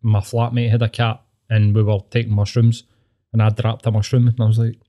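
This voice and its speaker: A man's voice: lowish voice, monotone, brisk, muffled recording. A man with a Scottish accent co-hosting a podcast, chatting bluntly with plenty of swearing. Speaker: podcast co-host. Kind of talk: casual podcast chat.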